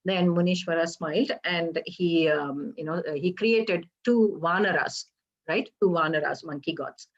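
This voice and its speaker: A woman retelling a Hindu legend for a temple program, halting and explanatory, often pausing to ask her listeners questions. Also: lowish voice. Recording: slightly dull lo-fi recording.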